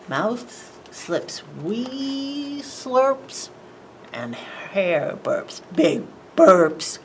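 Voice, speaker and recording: A woman librarian reading a picture book aloud at a preschool storytime, animated and sing-song, asking the children questions. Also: fairly high pitch, very slow, a little hiss or hum, poor audio.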